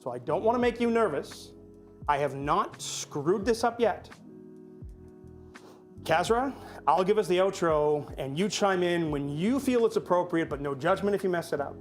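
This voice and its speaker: A man's voice: sits high, lively intonation, moderate pace, faint music behind. A man hosting a tabletop gaming stream, chatting casually and joking while thanking viewers. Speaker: host. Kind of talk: casual chat.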